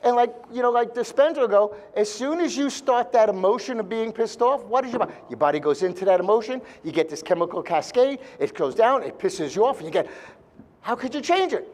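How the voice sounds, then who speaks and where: A man's voice: very high voice, animated, brisk, a little mellow. A man speaking live to a seminar audience, blunt and joking, with mild swearing.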